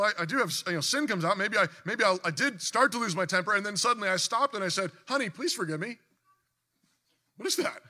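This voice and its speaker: Bright, high-voiced man preaching earnestly. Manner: earnest, rising to emphatic bursts, frequent restarts. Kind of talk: sermon.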